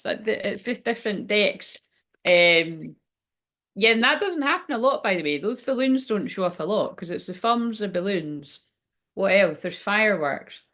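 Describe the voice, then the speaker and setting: A woman's voice: mid-range voice, fairly bright tone. Chipper woman reading cards. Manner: chipper and chatty, talking straight to viewers. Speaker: spiritual card reader. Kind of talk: live casual card reading.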